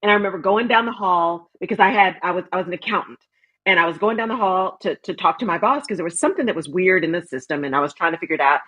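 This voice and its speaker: A woman's voice: fairly low pitch, quick pace, fairly bright tone. A woman from Texas hosting an interview show, telling a personal story and affirming her guest. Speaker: host. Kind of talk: casual interview talk, storytelling. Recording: dull lo-fi audio.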